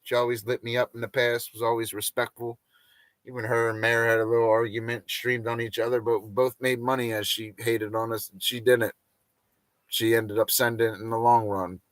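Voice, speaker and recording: A man's voice: mid-range voice, little pitch movement, brisk, fairly bright tone, dry recording, studio quality. A man hosting a livestream, rambling and joking crudely and often laughing at his own lines. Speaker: livestream host. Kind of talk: casual livestream rant.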